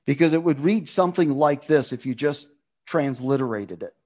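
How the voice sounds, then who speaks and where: A man's voice: on the high side, normal speed, darkish tone, lo-fi sound. A man preaching a sermon on a Bible passage, emphatic, repeating key words for stress.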